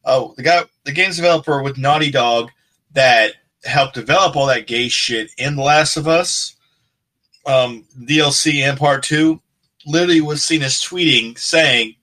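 A man's voice: mid-range voice, normal speed, bright, forceful tone, poor audio. A man co-hosting a podcast, talking casually in a rambling, profane rant. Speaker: podcast co-host. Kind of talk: casual chat.

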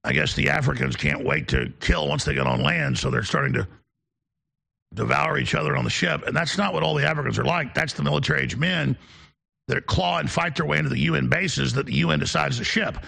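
A man hosting a call-in talk show, delivering a sarcastic rant with shouted outbursts. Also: mid-range voice, expressive, a little fast, gravelly, husky. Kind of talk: ranting call-in show monologue.

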